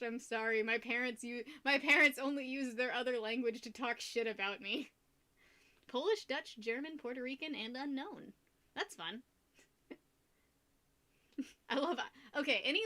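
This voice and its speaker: A young woman from the United States chats loosely with her viewers as she streams, rambling from thought to thought and laughing often. Her voice sits a bit high and sounds crisp and bright. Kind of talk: casual chat with viewers while painting.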